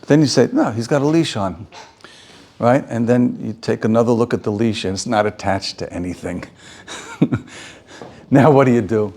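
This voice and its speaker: A man teaching an informal Torah class in a conversational way. His voice sits at a middle pitch. He restarts his phrases often and repeats key lines for weight. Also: normal speed, mellow. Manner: repeats himself, restarts, chuckles, acts out quotes.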